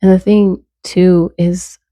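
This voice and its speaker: A woman's voice: fairly low pitch, little pitch movement, takes it slowly, mellow, dry recording, studio quality. A woman giving earnest, conversational faith encouragement, stacking short repeated phrases. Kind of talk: casual faith talk to camera.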